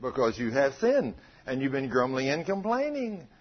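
A man preaching a sermon, calling out to his congregation and acting out prayers in an animated way. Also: mid-range voice, normal speed, husky, lo-fi sound.

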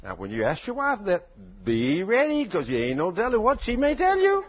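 An older man preaching a sermon in a folksy storytelling way that swells into loud fervor, in a dull lo-fi recording. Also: high-pitched, huge pitch swings, normal speed.

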